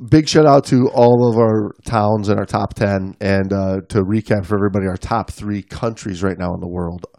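A man's voice: on the low side, normal speed, gravelly, warm tone, dry recording. Joking man co-hosting a podcast, dry sound. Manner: joking, rambling recaps with fillers. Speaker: podcast co-host. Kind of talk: casual banter.

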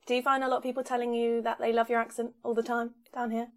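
Woman podcast host, slightly high-pitched, curious questions, casual and upbeat, easy laughter. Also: completely flat delivery, fast. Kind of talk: casual interview chat.

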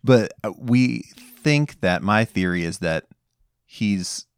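A man's voice: on the low side, slow pace, clear, resonant tone, dry recording, studio quality. A man co-hosting a podcast in casual chat, making joking, wry asides. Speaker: podcast co-host.

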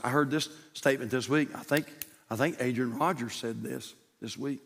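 A male pastor preaching a sermon in a church, telling a story that swings from loud, shouted peaks to hushed, quiet lines. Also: mid-range voice, a little slow, pauses often, husky. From United States. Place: church sanctuary. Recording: long church reverb.

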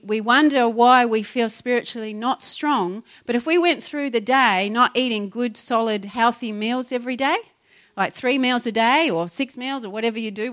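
A woman's voice: a little high, a bit bright. A middle-aged woman preaching a sermon, exhorting her congregation with rhetorical questions. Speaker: pastor.

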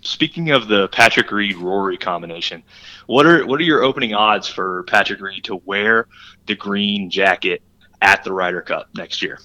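A man's voice: fairly low pitch, moderate pace, sharp tone, muffled recording. A man co-hosting a podcast in casual sports chat, rambling and teasing playfully. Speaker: podcast co-host.

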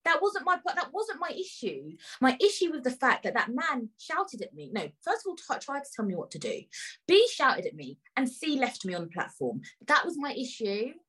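A woman's voice: sits high, very animated, normal speed, sharp tone, breathy edge, low-quality recording. A woman hosting a podcast, telling a story in an indignant, emphatic way, swearing freely and talking straight to her listeners. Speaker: podcast host. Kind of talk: casual storytelling rant.

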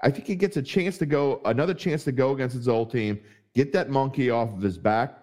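A man's voice: medium pitch, brisk, a little mellow. A man hosting a sports podcast in casual chat, joking about himself and greeting viewers. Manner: jokey, self-mocking, greets viewers. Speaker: podcast host.

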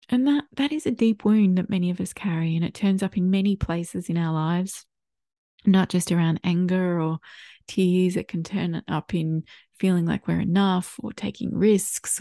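A woman hosting a solo parenting podcast, speaking in a gentle, reflective way and inviting the listener to imagine. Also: fairly low pitch, gravelly, no echo, studio quality. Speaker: podcast host.

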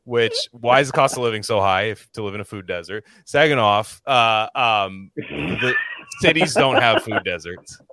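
A man's voice: lowish voice, lively intonation, normal speed, bright, forceful tone. A man hosting a casual podcast chat, rambling with many restarts and fillers. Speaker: podcast host.

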